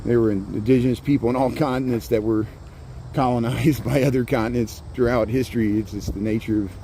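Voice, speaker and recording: A man's voice: medium pitch, steady tone, brisk, warm tone, slight background noise. Rambling man livestreaming a park walk. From Chicago area. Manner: rambling, chatty, restarts and greets viewers. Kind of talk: casual live-stream walking tour. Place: outdoors in a city park.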